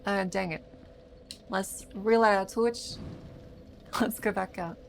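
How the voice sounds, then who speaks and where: A woman's voice: mid-range voice, fairly even intonation, takes it slowly, gravelly, a little hiss or hum. A woman streaming a video game live, chatting and reacting as she plays, often stammering and repeating words, her voice slightly strained. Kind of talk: casual live gameplay commentary.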